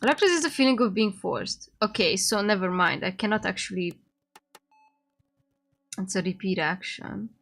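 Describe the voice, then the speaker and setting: A woman's voice: mid-range voice, moderate pace, vocal fry, long pauses, a bit bright. A woman streamer playing a game, reading its text aloud and reacting as she goes. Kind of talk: casual game commentary.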